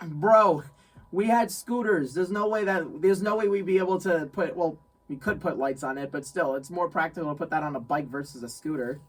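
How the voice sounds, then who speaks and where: A young man from New York telling a story in casual chat, animated, laughing often and repeating phrases. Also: fairly high pitch, moderate pace, slightly rough, far from the mic, rough recording. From New York State. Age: young adult. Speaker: guest friend.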